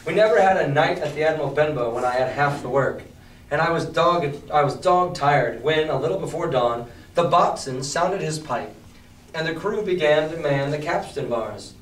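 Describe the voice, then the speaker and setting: A male teacher reading a novel aloud to his class and asking the students questions in an animated way. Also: fairly high pitch, moderate pace. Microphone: distant mic. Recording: echoey classroom, distant mic.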